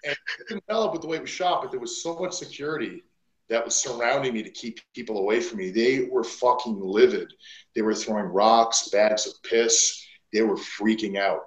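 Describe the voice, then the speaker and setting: A man's voice: medium pitch, moderate pace. A man guest on a wrestling podcast, telling stories bluntly with lots of swearing. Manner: blunt, profane, animated storytelling. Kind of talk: casual podcast interview storytelling. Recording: roomy echo.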